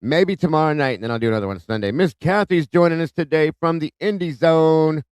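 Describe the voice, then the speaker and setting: A man's voice: fairly high pitch, fairly quick, darkish tone, clear, resonant tone, dry recording. A man hosting a live stream, casually greeting viewers by name and reading their comments aloud. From Ohio. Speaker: livestream host. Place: home in Ohio.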